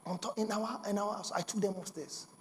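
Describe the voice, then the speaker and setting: A young adult Nigerian man preaching a sermon as pastor, telling stories with bursts of shouting and laughter. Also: sits high, steady tone, brisk, slight background noise.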